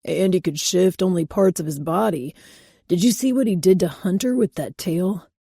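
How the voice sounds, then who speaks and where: A woman voicing a gruff, bearded male wolf-shifter warrior who talks bluntly. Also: fairly low pitch, moderate pace, mellow, no echo, studio quality. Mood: grim.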